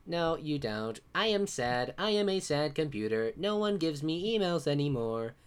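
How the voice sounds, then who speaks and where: A man's voice: a little high, sing-song, moderate pace, clear, resonant tone, voice pushed up. A man voicing a lonely, whiny male talking computer that beeps and boops. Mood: mopey. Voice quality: beeping robotic sing-song.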